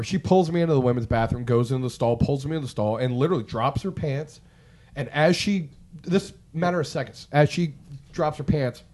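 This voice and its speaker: A man telling a long story in casual chat, rambling and profane, acting out what people said. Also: a little high. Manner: rambling, profane, animated, acts out quotes. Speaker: podcast co-host telling a story.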